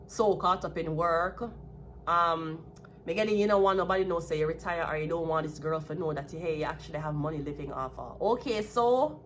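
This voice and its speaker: A woman with a lowish voice and a Jamaican accent gives a solo tarot reading, with a little hiss or hum in the recording. She talks bluntly and swears plenty.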